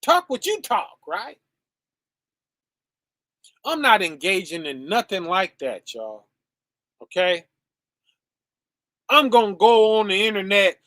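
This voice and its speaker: A man with a high, bright voice gives a casual streamed sermon at an unhurried pace, talking straight to his listeners as "y'all". The sound is dry and close, with no room around it. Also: sing-song, no room sound. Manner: conversational, often ending with "right?" and "okay?"; addresses listeners as "y'all" and "fam". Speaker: streaming preacher.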